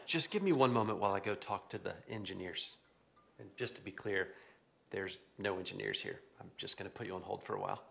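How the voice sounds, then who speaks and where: A man playing a clueless tech support agent who speaks with scripted, deadpan politeness in a comedy clip. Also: deep voice, a little fast, vocal fry, background noise.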